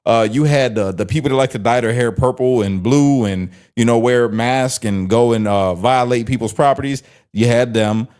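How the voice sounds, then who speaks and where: A man's voice: mid-range voice, normal speed, darkish tone, clear, resonant tone. A man talks back to a clip he is watching, mocking it in blunt, profane street slang. His delivery is loose and conversational, and he interrupts whenever the clip annoys him. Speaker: streamer reacting to a clip. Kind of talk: casual reaction commentary.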